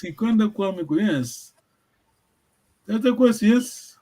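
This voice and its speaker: A man's voice: high-pitched, a little slow, a little mellow. A man teaching a language lesson, encouraging his students and often checking that they follow.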